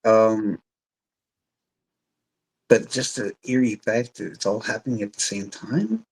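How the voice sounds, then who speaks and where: A man's voice: lowish voice, expressive, takes it slowly, long pauses, slightly rough, rough recording. A man chatting casually on a livestream, rambling and swearing as he gets worked up.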